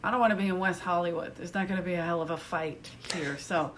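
A woman comedian, telling stories in casual chat, brash and profane, laughing often and dropping into quick impressions. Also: on the low side, fairly even intonation, a little hiss or hum. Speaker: comedian guest.

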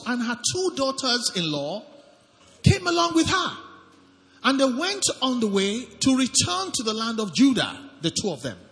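High-pitched man preaching a lively sermon. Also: in a large hall. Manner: preaching with call-and-response, reads scripture aloud. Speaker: pastor.

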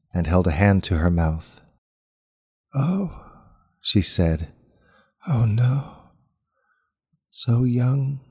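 Deep-voiced man narrating a story. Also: a little mellow. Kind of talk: scripted audiobook narration.

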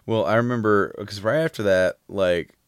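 A man's voice: lowish voice, moderate pace, clear, resonant tone, no room sound, studio quality. A man in casual chat, recounting concert memories in a rambling way with many fillers.

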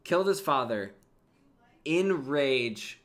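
A man's voice: mid-range voice, expressive, slow, a bit bright. A man co-hosting a podcast, chatting casually and enthusiastically, breaking into quoted lines as he retells scenes. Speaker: podcast co-host. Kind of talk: casual fan podcast chat.

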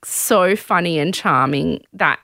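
A woman's voice: on the low side, slow pace, creaky, sharp tone, no echo, studio quality. A woman co-hosting a podcast, chatting casually and recapping a show, laughing often and acting out quotes. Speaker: podcast co-host.

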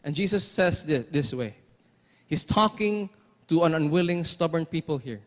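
A man's voice: on the high side, expressive, normal speed. A man preaching a sermon, emphatic, repeating phrases and asking rhetorical questions. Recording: long hall reverb.

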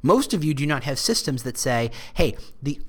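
A man hosting a solo podcast, talking straight to his listeners in a casual, animated way with jokey asides. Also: mid-range voice, normal speed, husky. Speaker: podcast host.

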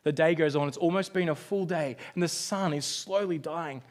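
Preacher with a higher voice. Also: male voice, moderate pace. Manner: dramatic storytelling, swings from loud outbursts to hushed tones. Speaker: pastor. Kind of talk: sermon.

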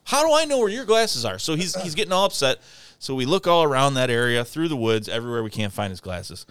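A man from telling a casual, profane story on a podcast, acting out his friend's angry yelling. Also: medium pitch, big pitch swings, fast talker, clean tone, dry recording.

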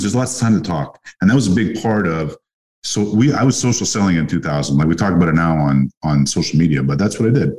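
A man from Canada speaks with a very low, deep voice. He is a podcast guest, telling animated stories in a relaxed chat and often restarting mid-sentence. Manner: animated anecdotes with frequent restarts. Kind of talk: casual storytelling chat.

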